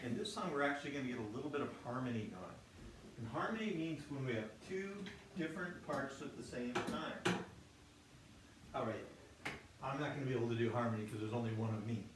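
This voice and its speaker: A man's voice: mid-range voice, expressive, fairly quick, distant mic, background noise. A man teaching a children's music class, explaining things simply with a friendly manner and many restarts. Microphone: single microphone near his instrument. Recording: echoey room, instrument music loud behind.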